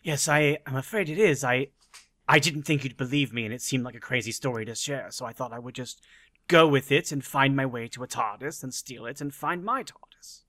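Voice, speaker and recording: A man playing a wry Time Lord hero trapped in a villain's body in a tabletop game, halting and sarcastic. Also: medium pitch, bright, forceful tone, no room sound, studio quality, natural voice. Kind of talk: role-play in a tabletop game.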